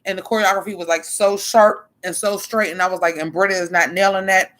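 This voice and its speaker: A woman's voice: medium pitch, steady tone, brisk, a bit bright. A woman giving blunt, casual livestream commentary on a drag show, talking expressively, swearing freely and answering her chat as she goes.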